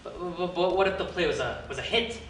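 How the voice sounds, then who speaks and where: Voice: medium pitch, lively intonation, quick pace, natural voice. Scheming theater producer played by an actor, blustery, acting-class scene, echoey room, mic far off, noisy. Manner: blustery, wheedling, bursts into shouting. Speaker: acting student.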